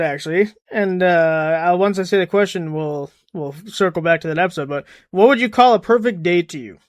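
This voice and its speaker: A man's voice: high voice, dry recording, clean studio sound. A man co-hosting a podcast in casual chat, often laughing while he tells stories. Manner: laughs through his own stories. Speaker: podcast co-host.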